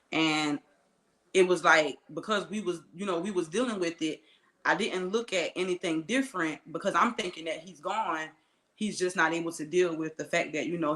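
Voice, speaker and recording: An earnest woman tells her life story as an interview guest. She talks in a bright, forceful voice, scatters "you know" through her sentences and acts out the quotes. The room has a noticeable echo. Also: lowish voice. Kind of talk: personal life story told in conversation.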